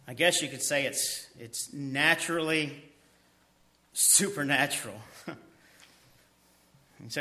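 A man preaching a sermon, reading verses aloud and then asking his listeners questions that he answers himself, dropping to a quiet voice on key points. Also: slow, long pauses. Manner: drops to a soft low voice on key points. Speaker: pastor. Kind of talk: expository sermon.

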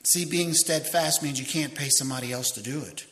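A man's voice: medium pitch, fairly quick, a bit bright. An older man preaching a sermon in a folksy, humorous way, telling stories with many restarts. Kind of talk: sermon with storytelling.

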